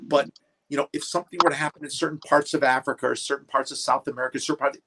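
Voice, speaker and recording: A man's voice: mid-range voice, steady tone, racing, pushed and bright, rough recording. A man talking casually as a guest on a stream, often stumbling and repeating words as he searches for them. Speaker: panel guest. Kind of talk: casual chat.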